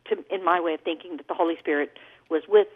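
Guesting on a radio show by phone, a woman singer shares stories in a chatty, warm manner full of laughs. Her voice is fairly low and slightly rough, and she speaks at a quick pace. The line sounds tinny.

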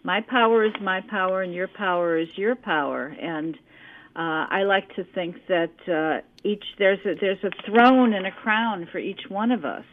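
A woman author being interviewed, speaking thoughtfully with frequent pauses and fillers. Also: medium pitch, slight background noise. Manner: slow, thoughtful, with many fillers. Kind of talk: interview conversation. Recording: tinny phone line.

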